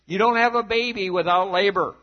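A man preaching a sermon as a pastor, animated and sometimes dropping to a hushed voice for emphasis. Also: high voice, fairly quick, highs cut off.

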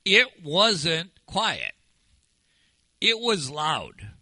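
A man's voice: fairly high pitch, wildly swooping pitch, extremely slow, bright, forceful tone, dry recording, poor audio. A male pastor giving a sermon in a conversational way, often asking the congregation questions.

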